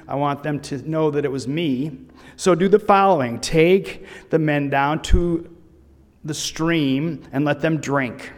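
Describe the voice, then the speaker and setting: A man's voice: on the high side, darkish tone, long reverb tail. A man preaching a sermon, retelling a scripture story with humorous asides. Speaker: pastor.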